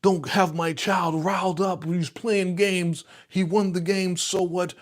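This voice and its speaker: A man's voice: sits high, level tone, slow pace, voice pushed up. A man putting on the voice of a stiff, fussy bookworm man lecturing about order. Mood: prim. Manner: prim, fussy.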